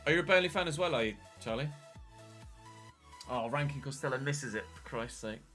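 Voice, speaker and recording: Bright-voiced man commentating his game. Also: mid-range voice, fairly quick, soft background music. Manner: chatty, bursts into excited shouts at big moments. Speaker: gaming channel host.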